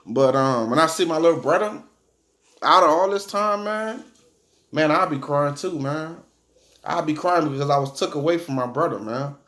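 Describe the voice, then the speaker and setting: Man, bible teacher, slightly high-pitched, slow verse reading, casual explaining, heartfelt. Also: a bit bright. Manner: reads scripture slowly then explains in casual talk, repeating "you know what I mean". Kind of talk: informal bible study teaching.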